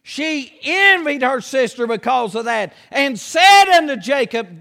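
Man preacher, slow and bright, reverb of a hall. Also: very high voice, big pitch swings, creaky. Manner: folksy, emphatic preaching, shouting on key lines. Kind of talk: sermon.

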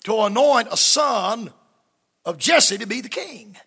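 Man doing a loud insistent old prophet, high and gravelly. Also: animated, takes it slowly, heavily acted. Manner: loud and emphatic. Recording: long hall reverb.

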